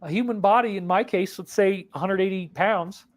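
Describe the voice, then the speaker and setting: A man's voice: sits high, normal speed. A man earnestly telling a dramatic spiritual story about his own experience. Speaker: spiritual speaker. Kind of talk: emotional personal storytelling.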